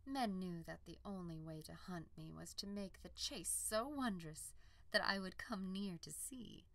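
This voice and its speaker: A woman reading an audiobook, voicing a proud ancient female unicorn who is haughty, wondering and quick to shrill outrage. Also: creaky, a bit bright, no room sound. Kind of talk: audiobook character voice.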